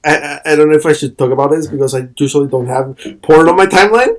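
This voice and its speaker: A man's voice: a little high, fast talker. A man chatting casually on an animation podcast, giggling often.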